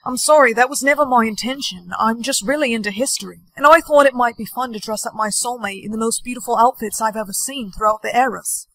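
A woman playing a playful young man, a soft-spoken soulmate who loves history, in a TikTok POV skit. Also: a little high, quick pace, few pauses, no echo. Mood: apologetic. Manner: soft-spoken, teasing, apologetic.

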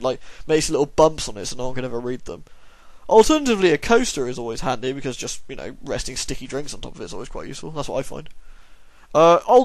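Reading and answering viewer questions, a young YouTube gaming host sounds tired and yawns as he rambles along with dry, self-mocking jokes. His voice is fairly high, recorded with no room sound.

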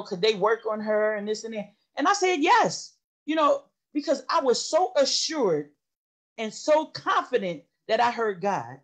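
A middle-aged woman sharing a personal testimony in an impassioned, storytelling way. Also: fairly high pitch. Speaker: study session participant.

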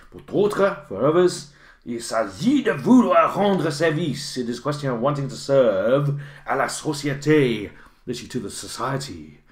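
A man teaching a recorded French lesson, chatty and encouraging, correcting himself as he types and checking in with "okay?". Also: fairly low pitch. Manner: self-correcting, thinking aloud as he types. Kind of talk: recorded online lesson with on-screen notes. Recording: echoey room.

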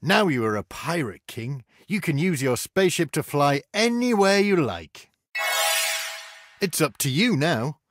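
A man's voice: on the high side, very animated, a little slow, over music. A man narrating a children's educational game in a cheerful, encouraging way, speaking to the child. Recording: noisy game audio.

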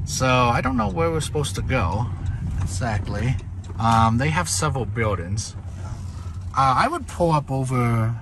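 A man talks to the camera in an easy, offhand way while running family errands. His voice sits at an ordinary middle pitch. Clear road and engine noise from inside the car runs under everything he says. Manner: easygoing, offhand narration to camera. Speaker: parent vlogging family errands. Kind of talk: casual family vlog chat. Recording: noisy car interior.

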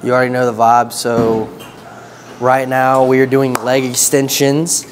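A man's voice: mid-range voice, flat delivery, measured pace. A young man vlogging in a gym, joking around with slangy banter. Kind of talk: joking gym vlog chat. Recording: noisy gym recording. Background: gym noise, clicks.

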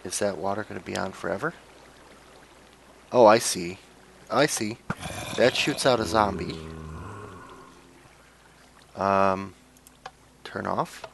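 A young man with a gravelly, low voice talks through a game in a loose, joking commentary, coaxing and cajoling the characters. A faint hiss sits under the recording. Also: slow, long pauses, a bit bright. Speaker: let's play gamer. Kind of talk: casual gameplay commentary.

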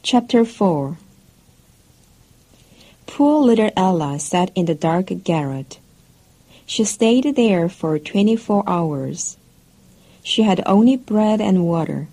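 Slow, mellow woman narrating a storybook. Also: medium pitch, rough recording. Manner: clear, careful and even. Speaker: audiobook narrator. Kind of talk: slow scripted storybook narration for English learners.

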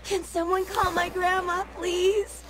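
Scared dying girl in a game, high, slow and faint, music behind. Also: little pitch movement. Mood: pleading. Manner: weak, pleading, frightened. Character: young woman dying in a hospital waiting room. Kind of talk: video game voice acting.

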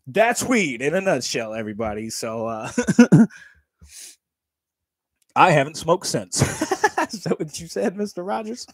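A man's voice: a little high, very animated, slow pace, long pauses, slightly rough, no echo, clean studio sound. A man in his thirties chatting casually on a livestream, laughing often, swearing freely and talking straight to his viewers. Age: 30s.

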